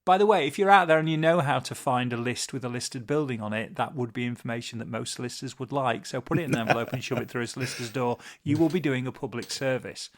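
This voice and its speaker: A man's voice: mid-range voice, fast talker, hardly any pauses. A man co-hosting a podcast, bantering in a jokey, self-deprecating way. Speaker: podcast co-host. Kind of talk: casual podcast chat.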